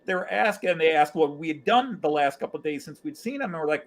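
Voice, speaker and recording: A man's voice: a little high, expressive, fast, hardly any pauses, slight background noise. An American man hosting a casual live chat, telling long rambling stories with lots of fillers and restarts. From United States. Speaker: livestream host.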